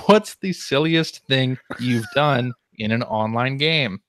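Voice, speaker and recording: A man in his forties hosting a podcast, relaxed and chatty as he reads listener questions aloud. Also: mid-range voice, slow. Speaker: podcast host. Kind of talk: casual podcast chat.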